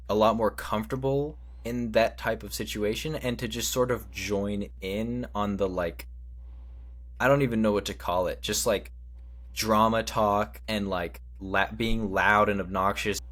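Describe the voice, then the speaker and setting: Man, podcast co-host, lower voice, hesitant casual speech. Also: normal speed, fairly bright tone. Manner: hesitant, searches for words. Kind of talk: casual chat.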